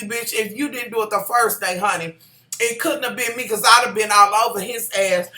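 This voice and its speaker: A vlogger recapping a TV episode in a sassy, profane, animated rant. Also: mid-range voice, moderate pace. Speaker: TV show reviewer. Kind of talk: casual ranting recap. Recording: echoey room.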